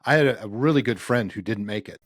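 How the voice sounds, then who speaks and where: Easygoing lowish-voiced man, dry close sound. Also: no room sound. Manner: easygoing, frequent agreeing backchannels, measured opinions. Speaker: guest co-host. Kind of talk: casual chat.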